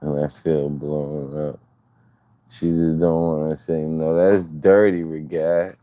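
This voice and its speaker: Deep, slow-talking man joking on a livestream. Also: little pitch movement, dark tone, dry recording, lo-fi sound. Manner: teasing, joking with viewers. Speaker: livestream host. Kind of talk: casual livestream chat.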